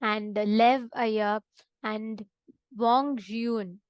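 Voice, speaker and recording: A woman's voice: a little high, steady tone, extremely slow, clean tone, no echo, dull audio. A woman presenting an online spiritual session, telling a devotional story with checks like "right?" and "understand?". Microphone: online session with chat.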